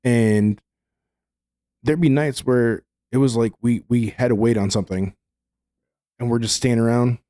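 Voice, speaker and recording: A man's voice: mid-range voice, steady tone, normal speed, long pauses, mellow, no echo, studio quality. A man co-hosting a podcast in casual chat, laid-back and teasing, with casual swearing. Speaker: podcast co-host.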